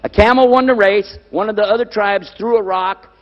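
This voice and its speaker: A man's voice: sits high, fairly quick. A man giving a religious lecture to a live audience, firing rhetorical questions at them and repeating key words for emphasis. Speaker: lecturer on Islam. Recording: dull lo-fi recording in a reverberant hall.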